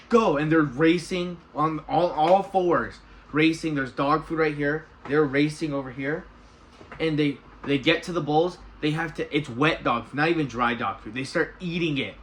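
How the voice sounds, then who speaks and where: A man's voice: on the high side, fairly bright tone, a little hiss or hum, poor audio. Rambling man recapping a TV episode. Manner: rambling, restarts a lot, reenacts characters' lines. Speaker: TV episode reviewer. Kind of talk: casual recap review.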